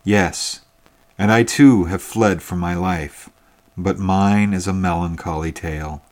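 A man reading the part of a sorrowful exiled father, speaking in a subdued, quiet way. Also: deep voice, steady tone, slow pace.

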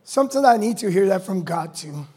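High-voiced pastor preaching with fire. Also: male voice, lively intonation, brisk, breathy edge. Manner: rising to shouted preaching, call-and-response with congregation. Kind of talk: sermon.

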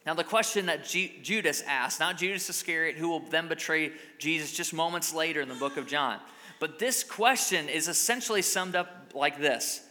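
Bright-voiced man preaching in a hall. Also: on the high side, moderate pace. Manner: conversational, emphatic preaching. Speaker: pastor. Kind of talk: sermon. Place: church sanctuary.

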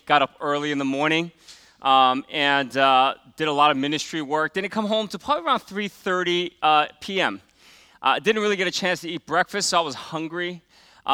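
A middle-aged man preaching a sermon, telling a personal story in a casual, conversational way and dropping to a hush for emphasis. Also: a little high, smooth, no echo. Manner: conversational storytelling, many fillers, drops to quiet for emphasis. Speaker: pastor.

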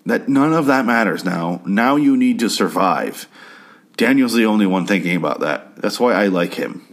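A man's voice: on the low side, lively intonation, moderate pace. A man recapping a TV episode in a crude, sarcastic, rambling way, now and then mimicking characters. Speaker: TV show recapper. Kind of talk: casual spoken TV recap.

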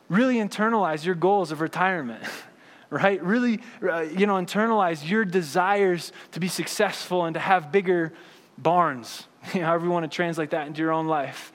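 A man's voice: high voice, big-room sound. A man preaching a sermon as pastor in a casual, conversational way, often asking "right?" to the congregation.

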